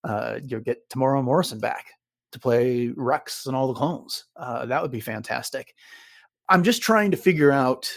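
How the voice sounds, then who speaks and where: A man co-hosting a podcast in relaxed, easygoing talk, with a middle-pitched voice. His delivery is keen and chatty and full of little "uh"s. The sound is close and dry, with no room around it. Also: normal speed, creaky, no room sound. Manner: enthusiastic fan, relaxed with fillers. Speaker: podcast co-host. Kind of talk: casual chat.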